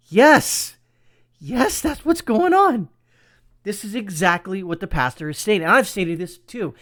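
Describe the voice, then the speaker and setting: A man's voice: high voice, fairly bright tone. A man hosting a political commentary show, talking in an emphatic, sarcastic rant. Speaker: commentary channel host.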